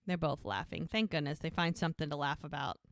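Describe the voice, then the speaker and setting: A woman's voice: low voice, fast, no room sound, clean studio sound. A woman podcast co-host animatedly recapping a TV episode in casual chat. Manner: animated storytelling.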